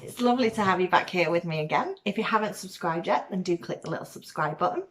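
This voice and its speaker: Woman vlogger, softened Manchester accent, slightly low voice, chatty and rambling to camera. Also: lively intonation, quick pace. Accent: weakened Mancunian, softened by years in Cornwall. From Manchester, England. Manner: chatty and rambling, with frequent ums and laughs. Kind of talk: casual chat to camera.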